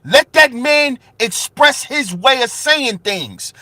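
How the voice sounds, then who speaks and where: A man's voice: very high-pitched, expressive, slow, pushed and bright, no room sound. A man hosting his own channel, delivering an impassioned monologue with rhetorical questions and repeated phrases, raising his voice with passion. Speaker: commentary channel host.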